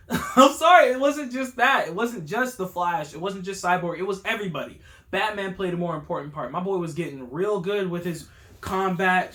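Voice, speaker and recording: Male vlogger, slightly high voice, excitable and slangy, casual movie review. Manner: excitable, gets worked up; slangy, enthusiastic storytelling. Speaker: YouTube channel host.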